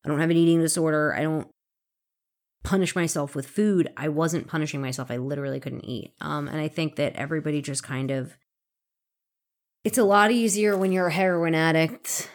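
A woman frankly telling her own story, halting and candid, with occasional swearing. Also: sits low, steady tone. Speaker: interviewee in recovery. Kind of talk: emotional personal storytelling.

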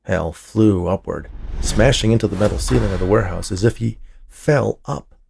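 A man reading a story aloud in a dry, measured narrating manner. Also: fairly low pitch, fairly even intonation, gravelly, darkish tone, slight background noise. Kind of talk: scripted narration.

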